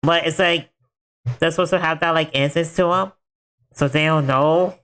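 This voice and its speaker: A man's voice: on the high side, steady tone, moderate pace, fairly bright tone, clear, resonant tone. A man streaming a game, chatting casually in a rambling way full of filler words. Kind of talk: casual chat while gaming.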